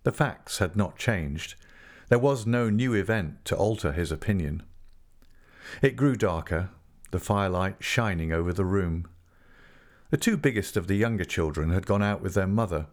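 A man narrating a classic novel in a measured, expressive audiobook reading. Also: low voice.

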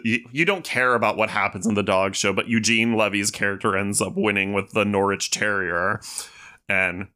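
A man's voice: lowish voice, pushed and bright. A man hosting a podcast, chatting casually about a movie in a rambling, enthusiastic way with many fillers. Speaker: podcast host.

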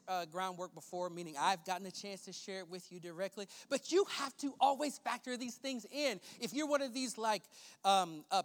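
High-voiced preacher in a reverberant church. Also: male voice. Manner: swings from loud preaching to hushed prayerful murmurs. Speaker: pastor. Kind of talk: sermon. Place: church sanctuary. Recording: long church hall reverb.

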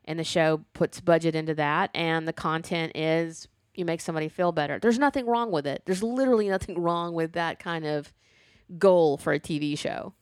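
A woman chatting casually about a TV show, animated and talkative with playful sass. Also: low voice, moderate pace, clean tone, dry recording, clean studio sound. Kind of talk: casual chat reviewing a TV show.

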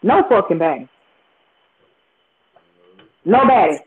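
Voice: medium pitch, sing-song, slow pace. Profane host on tinny audio. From Memphis, Tennessee. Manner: profane, emphatic, repetitive. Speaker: podcast host. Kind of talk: casual storytelling rant.

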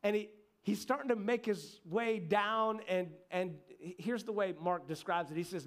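A middle-aged pastor preaching with animated, chatty storytelling, often checking in with the congregation. His voice sits fairly high for a man, rising and falling as the story builds. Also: measured pace, hardly any pauses. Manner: animated storytelling, conversational asides. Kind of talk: sermon.

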